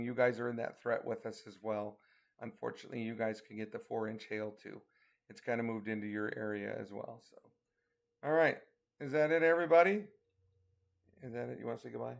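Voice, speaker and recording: A man's voice: mid-range voice, vocal fry. A middle-aged man hosting a casual livestream weather briefing, chatting in a folksy way and answering viewer comments. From northeastern Colorado.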